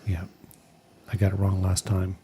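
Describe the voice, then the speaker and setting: A man co-hosting a live painting stream, reading out viewer messages with dry jokes and halting speech. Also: low voice, completely flat delivery, warm tone, slightly rough. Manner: dry joking, halting, reads names out.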